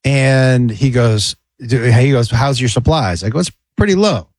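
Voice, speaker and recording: A man's voice: mid-range voice, a little slow, no room sound. A man, a stand-up comedian, telling an anecdote in casual radio chat and acting out the people in it. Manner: animated, acts out voices in anecdotes. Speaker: comedian guest.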